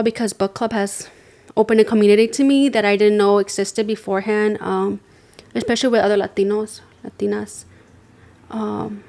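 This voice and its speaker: Young woman panelist, reflective, casual, mid pitch. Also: darkish tone. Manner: reflective, many fillers.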